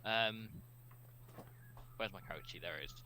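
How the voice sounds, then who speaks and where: A man's voice: low voice, normal speed, background noise. A man with a Cockney accent playing in a tabletop game over an online call, blunt, sweary and joking. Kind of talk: casual banter over a voice call. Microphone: computer mic on an online call.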